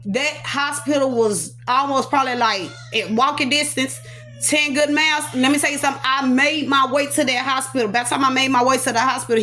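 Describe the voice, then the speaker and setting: Dramatic woman telling her own story. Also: sits high. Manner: animated, dramatic storyteller voicing sound effects and repetitions; casual, talks aside to her children. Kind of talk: emotional personal testimony.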